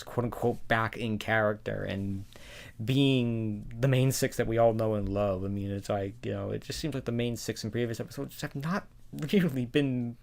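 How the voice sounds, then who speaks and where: A man's voice: medium pitch, creaky. Rambling New man reviewing casually. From New York. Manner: rambling, repeats himself, chuckles often. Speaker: reaction video host.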